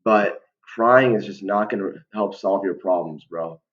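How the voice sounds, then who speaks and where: Speaking a little slowly in a low voice, a young man vlogs life advice straight to the camera. His slangy ramble is full of fillers and restarts, with "bro" thrown in again and again. It's a dull, lo-fi recording.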